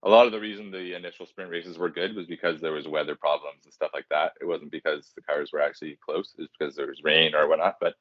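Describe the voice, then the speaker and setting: Very low-voiced man rambling casually. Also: fairly even intonation, quick pace, hardly any pauses, dry recording. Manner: rambling, self-deprecating, casual filler-heavy. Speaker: podcast co-host. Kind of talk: casual podcast chat. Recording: dry, dull lo-fi sound.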